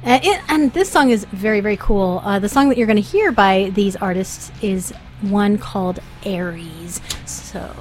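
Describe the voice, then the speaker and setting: A woman's voice: mid-range voice, moderate pace, hardly any pauses, a little hiss or hum. A woman co-hosting a late-night music radio show, chatting playfully and gushing about the songs. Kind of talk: casual radio banter.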